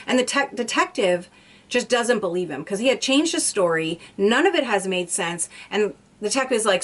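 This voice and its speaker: A woman's voice: mid-range voice, expressive, moderate pace. Chatty woman retelling a crime story. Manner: rambling, restarts, frequent "like". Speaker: YouTuber. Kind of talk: casual true crime storytelling.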